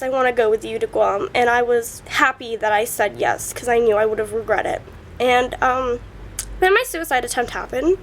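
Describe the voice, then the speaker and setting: A woman's voice: sits high, slight background noise. A young woman tearfully recounting family hurt in a personal vlog, breaking into sobs and leaning on "like" often. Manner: many fillers like "like". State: crying. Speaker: vlogger.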